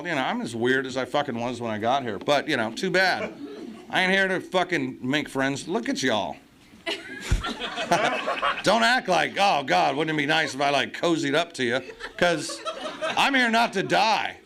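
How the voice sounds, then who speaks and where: A man speaking at a recovery meeting, telling blunt, profane, comic stories to a live crowd. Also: on the high side. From United States. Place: meeting hall before an audience.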